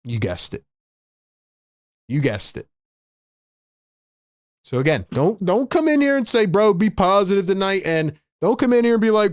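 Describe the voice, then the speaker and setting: A man's voice: high-pitched, sing-song, moderate pace, long pauses, no echo, studio quality. A man hosting a live sports stream, ranting in frustration to his chat and saying "bro" often. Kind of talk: live stream fan rant.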